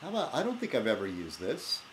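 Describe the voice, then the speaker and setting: Rambling, lively-voiced vlogger man. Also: lowish voice, quick pace, slight background noise. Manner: rambling, self-deprecating, chuckles often. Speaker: video blogger host. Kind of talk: casual vlog chat. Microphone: laptop webcam.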